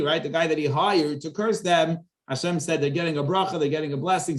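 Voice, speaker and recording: A man gives a casual Torah lesson in a somewhat high voice. He talks in an easy, conversational way and gets animated when he acts out the characters' lines from the text. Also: a little fast, hardly any pauses. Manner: animated, acts out the dialogue of the verses with rising pitch. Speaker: rabbi teaching a Torah class.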